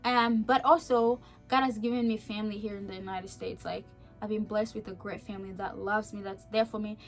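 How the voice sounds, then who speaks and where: Faint music plays behind a young woman vlogging about her faith in a heartfelt, emotional testimony. Her mid-range voice stays steady and brisk while she chats with frequent fillers, moving from soft passages to emphatic ones.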